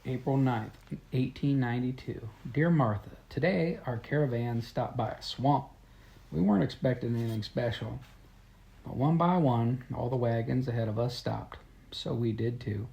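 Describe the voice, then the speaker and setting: A man's voice: medium pitch, moderate pace, creaky, mellow, husky, dull audio. A man reading a children's story told in letters, in plain, friendly storytelling. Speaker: storybook reader.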